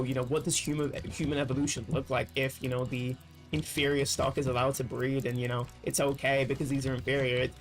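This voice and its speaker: A man chats casually on a livestream, thinking aloud and swearing often as his thoughts wander. His voice sits fairly high for a man and has a gravelly fry, with faint music playing behind him. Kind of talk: casual livestream chat while gaming.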